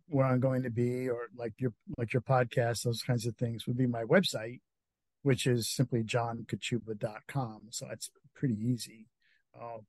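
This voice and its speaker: A man's voice: mid-range voice, darkish tone, dry recording. A middle-aged man with a Northeastern US accent, a guest author chatting casually in an interview, with many fillers and easy laughs. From Connecticut.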